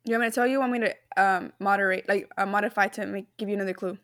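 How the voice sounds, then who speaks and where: A woman's voice: medium pitch, fairly even intonation, fast talker, a bit bright, dry recording, clean studio sound. A woman co-hosting a podcast in casual chat, playful, slangy and laughing often. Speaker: podcast co-host.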